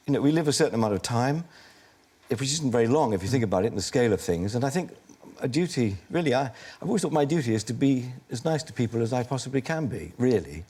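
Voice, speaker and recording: A man in his sixties speaks in a candid interview, his voice husky with a touch of breath. His pitch moves freely and expressively as he reflects on his life. He talks in a self-deprecating way and laughs easily at himself. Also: lively intonation, quick pace, warm tone. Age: 60s. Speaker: actor and interview guest.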